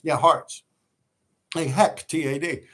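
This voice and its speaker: A man's voice: on the high side, fairly even intonation, slow pace, a bit bright. A man who tells stories in a rambling, profane way on a livestream he hosts, laughing often. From New York City. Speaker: livestream host. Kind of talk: casual storytelling.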